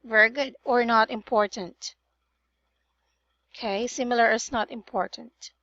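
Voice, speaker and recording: A woman's voice: a little high, steady tone, measured pace, fairly bright tone, no room sound, dull audio. A woman tutoring English pronunciation in a one-on-one online session, patiently drilling words and correcting vowel sounds.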